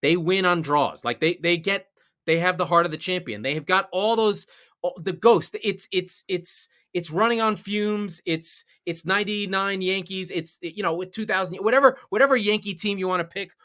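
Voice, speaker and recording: A man co-hosting a podcast, chatting casually about soccer, getting excited and swearing when worked up. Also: sits high, normal speed. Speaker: podcast co-host. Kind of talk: casual sports chat.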